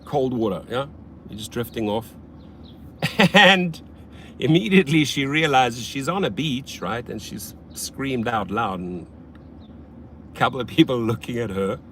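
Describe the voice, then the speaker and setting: A man hosting a casual livestream as a rideshare driver, blunt and often profane, swinging between loud hype and low muttering. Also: moderate pace, slight background noise.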